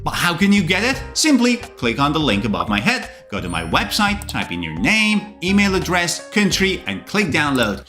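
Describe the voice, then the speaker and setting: Man, English teacher, video lesson, very animated pitch, slightly high voice, playful asides. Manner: expressive, lively delivery with playful asides. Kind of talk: vocabulary lesson to camera.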